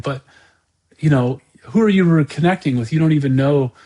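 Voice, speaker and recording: Male podcast host, somewhat high pitch, unscripted musing delivery, halting, full of restarts and repeated words. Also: mellow. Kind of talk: unscripted monologue commentary.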